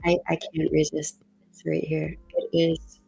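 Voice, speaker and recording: A woman's voice: deep voice, completely flat delivery, measured pace, creaky, dark tone. A woman vlogger chatting casually while doing her makeup, thinking aloud with fillers and coughing now and then as she gets over a cold. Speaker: beauty vlogger.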